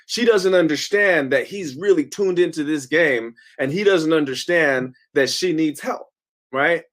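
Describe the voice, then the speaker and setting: A man's voice: on the high side, a little slow. Emphatic, conversational male lecturer. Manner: emphatic, conversational, checks in with listeners. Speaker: professor giving a talk.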